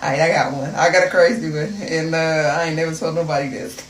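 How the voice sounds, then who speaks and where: A woman's voice: low voice, steady tone, fast, roomy sound, recorded from a distance, very noisy. An American woman telling a dramatic, gossipy story straight to her viewers in a casual storytime vlog. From United States. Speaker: storyteller vlogger.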